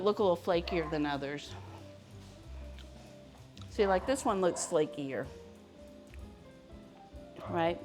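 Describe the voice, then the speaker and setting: A woman's voice: on the low side, takes it slowly, long pauses, a little mellow. Woman, cooking show host, chatty, talks to viewers while cooking, home kitchen, faint music. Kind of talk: live-streamed cooking demonstration.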